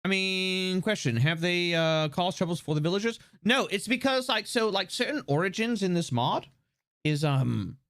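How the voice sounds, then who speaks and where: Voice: medium pitch, lively intonation, normal speed, fairly bright tone. A livestreamer giving casual, joking gameplay commentary, swearing freely along the way.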